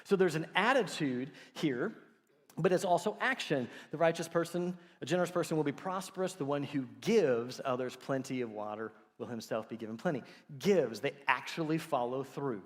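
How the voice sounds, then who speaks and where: Man, pastor, sermon, animated storytelling, slightly high voice, church reverb. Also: normal speed. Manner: animated storytelling, acts out quotes. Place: church sanctuary.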